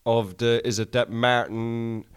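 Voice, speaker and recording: A man's voice: mid-range voice, fairly even intonation, unhurried. A young Irish man co-hosting a casual podcast, rambling playfully and joking around. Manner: rambling, playful, lots of 'like' and mock accents. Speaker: podcast co-host. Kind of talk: casual chat.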